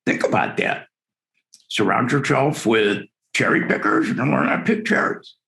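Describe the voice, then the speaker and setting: A dental lecturer in his sixties speaks at normal speed with a fairly low, gravelly voice that sounds pushed and bright. Over a video call, he gives dentists at a virtual conference an enthusiastic lecture full of stories.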